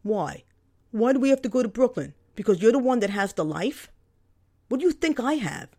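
A grown brother, stuck and resentful, as a woman reading her memoir puts him on. His voice climbs higher and louder as he pleads and pushes back, with a defensive, bitter edge. It is a spoken storybook reading. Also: very animated, moderate pace.

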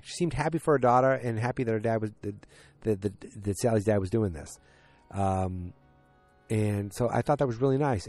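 A man's voice: medium pitch, darkish tone. A man hosting a solo podcast, recapping a TV series in a casual, rambling way with frank, loose swearing.

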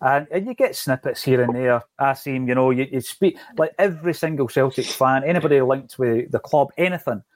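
A man's voice: mid-range voice, fairly quick, hardly any pauses, no echo. A man hosting a casual football podcast, talking in an emphatic, rhetorical way. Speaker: podcast host.

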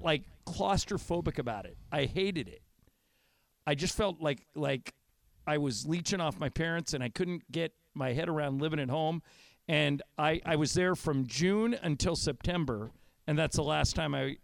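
A man's voice: a little high, normal speed, vocal fry, no echo. Chatty male sports radio host. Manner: chatty storyteller, teasing. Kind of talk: casual on-air banter.

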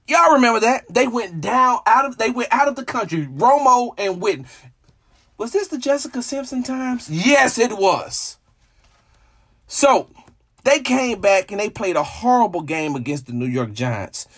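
A man hosting a solo sports show, talking in a dramatic, emotional way that jumps between hushed asides and shouting. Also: very high voice, lively intonation, moderate pace. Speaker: sports podcast host. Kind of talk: animated solo sports commentary.

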